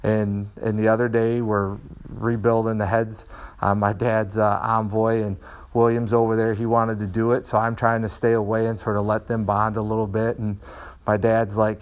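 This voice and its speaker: A middle-aged man, a martial arts student, telling candid personal stories in an animated way, with frequent restarts, in a dojo. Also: fairly low pitch, normal speed, smooth.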